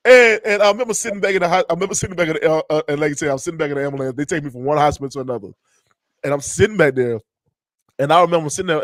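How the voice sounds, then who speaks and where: A man hosting a casual podcast chat over a remote call, telling stories in an animated, profane way and laughing loudly. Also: a little high, very fast, dry recording. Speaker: podcast host. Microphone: remote streaming call.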